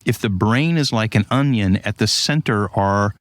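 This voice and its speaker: A man in casual conversation, explaining ideas through lively stories and acted-out quotes. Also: lowish voice, moderate pace, no echo. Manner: animated storyteller, acts out quotes.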